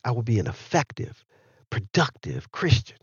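A male pastor preaches with a lively, rising and falling delivery and keeps checking that his listeners follow. His voice is a little husky, recorded dry and slightly dull. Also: medium pitch, normal speed, no echo. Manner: animated preaching, asks the listeners questions. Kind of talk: sermon.

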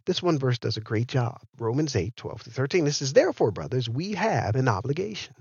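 A male pastor preaches with a lively, rising and falling delivery and keeps checking that his listeners follow. His voice is a little husky, recorded dry and slightly dull. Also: mid-range voice, fairly quick, hardly any pauses, no echo. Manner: animated preaching, asks the listeners questions. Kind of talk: sermon.

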